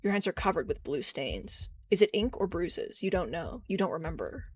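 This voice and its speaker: A streamer reading a narrative game aloud and chatting between passages in an expressive, jokey way. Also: medium pitch, moderate pace, slight background noise.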